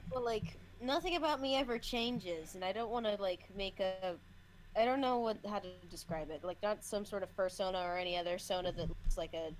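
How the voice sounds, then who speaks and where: A woman's voice: medium pitch, fairly quick, noisy background. A young woman in casual chat, playful and giggly, now and then breaking into song. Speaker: co-host chatting.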